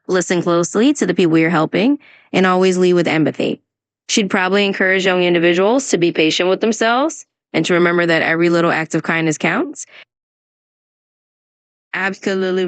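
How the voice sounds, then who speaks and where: Recorded dry, a fairly low synthetic female voice acts as an AI English tutor. In scripted conversation practice, she responds to questions and offers pronunciation tips with upbeat encouragement.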